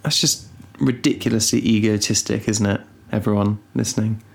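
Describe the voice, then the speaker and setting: A man's voice: lowish voice, normal speed, creaky. Rambling, teasing guy. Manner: rambling, teasing, deadpan asides. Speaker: podcast co-host. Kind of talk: casual chat.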